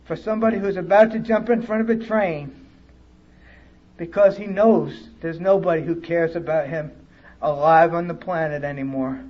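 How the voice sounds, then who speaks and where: A man's voice: on the high side, steady tone, moderate pace, lo-fi sound. A man speaking at a recovery conference, telling his personal story bluntly and with profanity. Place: conference hall.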